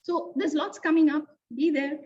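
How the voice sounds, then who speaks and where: A woman with a high voice teaches young children in an online lesson, animated and sing-song, slowing down to stress words. The recording sounds distant, dull and lo-fi.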